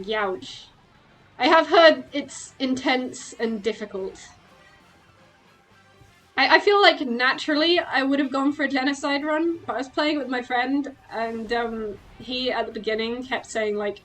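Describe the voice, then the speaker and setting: Woman game streamer, chatty and excitable, voice a touch high, faint music underneath. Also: low-quality recording. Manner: chatty and excitable, quick exclamations and giggles. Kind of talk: casual gameplay chat.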